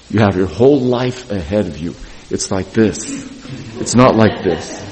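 A husky, low-voiced middle-aged man speaks before a gathering of young graduates. His devotional address rises and falls with lively pitch, and he often repeats a phrase for emphasis. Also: rough recording.

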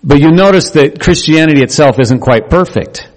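A man's voice: a little high, animated, moderate pace. A man preaching a conversational sermon as pastor, folksy and rambling, correcting himself as he goes. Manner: folksy, rambling, self-correcting, acts out quotes with a raised voice. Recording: long hall reverb.

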